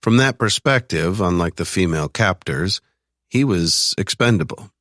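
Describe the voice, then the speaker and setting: Male thriller narrator with an extremely deep voice, recorded in a dry studio. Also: lively intonation, moderate pace, a bit bright, no echo. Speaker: audiobook narrator.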